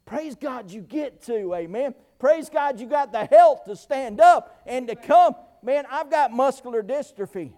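A middle-aged preacher man with a very high voice. He preaches with bursts of shouting and many amens, stumbling over restarts. He pauses often, short of breath. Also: expressive. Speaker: pastor. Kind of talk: sermon.

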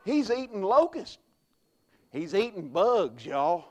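A man preaching a sermon in a notably high voice. He is folksy and emphatic, often restarting his words as he drives a point home. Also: big pitch swings, takes it slowly, darkish tone, breathy edge. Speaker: pastor.

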